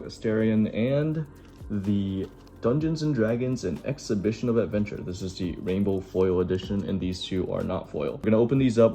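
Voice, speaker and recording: A young man casually chatting as he hosts a card unboxing, relaxed and enthusiastic. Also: lowish voice. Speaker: card-opening host.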